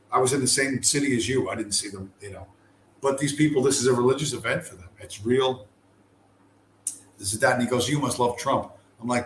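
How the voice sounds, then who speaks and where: A man's voice: mid-range voice, fairly bright tone. A man ranting casually as a podcast host, profane and rambling, with heated asides. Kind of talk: casual rant. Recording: echoey room with faint ambient noise.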